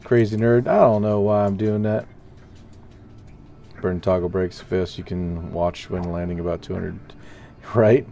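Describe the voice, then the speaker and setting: A young man with a low, mellow voice narrates his own gameplay in loose, rambling commentary. He talks himself through each move and answers viewers between tries. Faint music plays behind him. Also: steady tone, a little slow, vocal fry. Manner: rambling, self-talking, chats with viewers. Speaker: gaming streamer.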